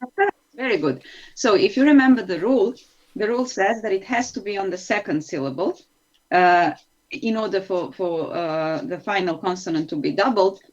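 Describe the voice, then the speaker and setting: A woman with a Serbian accent runs an online English lesson at an even, mid pitch. She explains grammar patiently, step by step, and encourages each student. The sound is dull and muffled, like a video call. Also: normal speed. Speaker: English teacher. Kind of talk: online class teaching.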